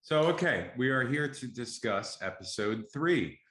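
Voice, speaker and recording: A man's voice: medium pitch, animated, unhurried, a bit bright. A man hosting a casual podcast, talking in an upbeat, enthusiastic way. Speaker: podcast host. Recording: echoey room.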